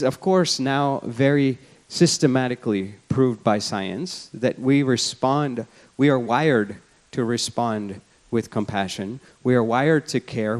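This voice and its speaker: A man gives a keynote talk at a conference. He tells stories in a reflective, conversational way, and his voice sits at an ordinary middle pitch. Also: a little mellow. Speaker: keynote speaker. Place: lecture hall at a symposium.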